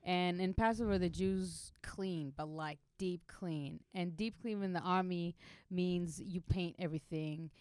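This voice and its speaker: Israeli woman telling a story, lowish voice. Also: a little slow, clear, resonant tone, no room sound. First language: Hebrew. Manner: animated, laughing, acts out voices in anecdotes. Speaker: podcast co-host. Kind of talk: casual storytelling chat.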